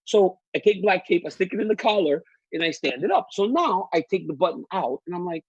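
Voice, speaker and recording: Husky high-voiced man. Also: a little fast, few pauses, dry recording. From Louisiana. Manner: animated storyteller, laughs often. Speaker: guest analyst. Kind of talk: casual chat. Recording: dull, lo-fi remote feed.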